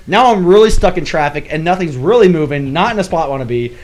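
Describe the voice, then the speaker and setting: A man's voice: high-pitched, animated, fairly quick. A man co-hosting a podcast, telling a story in casual chat and acting out his own reactions. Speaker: podcast co-host.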